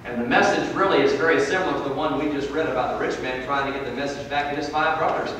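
A man preaching a sermon in a church, swinging from loud emphatic peaks to low, quiet drops. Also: quick pace, noisy background. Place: church hall. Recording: echoey hall from far off.

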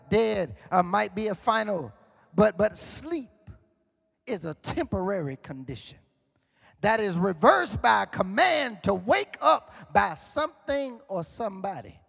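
A man preaching a sermon as pastor, rising into shouted, sing-song emphasis. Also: sits high, creaky. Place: church sanctuary. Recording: long hall reverb.

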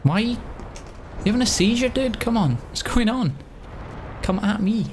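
A man giving casual gameplay commentary as a let's play host, excitable and swearing a lot. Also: high-pitched, measured pace, a little hiss or hum.

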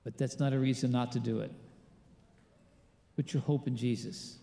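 A man's voice: medium pitch, steady tone, moderate pace, gravelly, mellow. A male pastor giving a conversational sermon, putting questions to his congregation. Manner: conversational preaching, quizzes the congregation. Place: large church. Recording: echoey church hall with long reverb.

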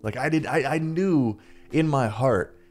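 A man's voice: medium pitch, a little slow, darkish tone, faint music behind. A man in his twenties, the channel's host, telling a personal story in a chatty, rambling way over gameplay. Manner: chatty, rambling, peppered with "like" and "dude".

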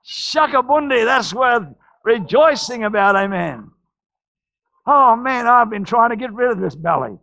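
A man preaching a sermon as pastor, telling stories with frequent restarts and shouted climaxes. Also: very high-pitched, expressive, a little slow. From Australia.

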